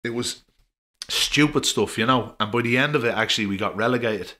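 A middle-aged Irish man, a former referee appearing as a podcast guest, tells rambling, chatty anecdotes with frequent fillers. His medium-pitched voice is fairly quick, pushed and bright.

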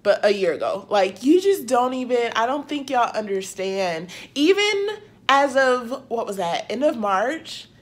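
A woman's voice: a little high, sing-song, measured pace. A young woman from Ohio vlogging from a hotel room, gushing and tearful as she talks straight to her viewers. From Akron, Ohio. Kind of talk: emotional vlog chat.

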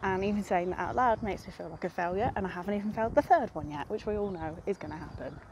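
A woman's voice: mid-range voice, fast, a little mellow, highs cut off, a little hiss or hum. A young woman talking casually to camera as a book vlogger, chatty and self-deprecating, often rambling. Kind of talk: casual vlog chat.

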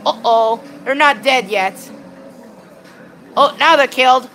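A woman giving excitable, rambling live commentary on her gameplay while chatting with viewers. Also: sits high, takes it slowly, long pauses, a little hiss or hum. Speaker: game streamer.

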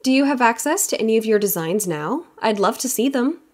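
A woman's voice: a little high, animated, fairly quick, voice pushed up. A woman narrating an audiobook, reading the lines of a friendly, earnest young woman intern in a slightly lifted voice.

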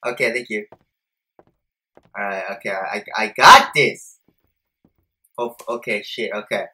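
A young man commentating a horror video game, jumpy and profane, swinging between low mutters and shouted panic. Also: animated, unhurried, pauses often. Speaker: gameplay streamer.

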